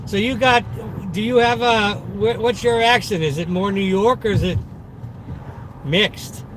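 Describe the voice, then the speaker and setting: A delivery driver from Massachusetts, speaking in a thick Boston accent, streams live from behind the wheel of a car in the city, chatting casually with viewers in his chat while he drives. He's upbeat and boastful, his voice sits high for a man, and he talks a little slowly. The recording is noisy, with car and road noise clearly rumbling in the background.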